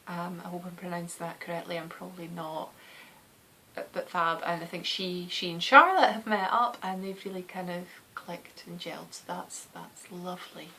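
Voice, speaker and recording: A woman in her thirties with a soft West of Scotland accent, rambling chattily on her knitting podcast, often laughing and dropping into a whisper. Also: fairly low pitch, steady tone, normal speed, slight background noise. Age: 30s.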